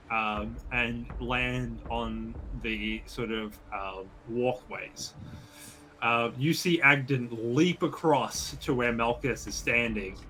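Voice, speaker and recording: A man narrating a tabletop game as game master, hesitant and often pausing with fillers. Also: medium pitch, sharp tone. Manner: hesitant, full of ums.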